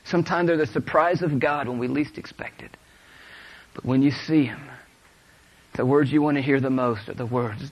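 A man preaching a sermon to a congregation, moving between hushed storytelling and loud, fervent exhortation. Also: medium pitch, moderate pace, lo-fi sound.

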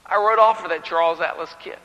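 Brief: a lively man preaching, bright and higher, in a long echoing hall. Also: fast, highs cut off. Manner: animated, humorous storytelling with acted voices. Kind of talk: sermon.

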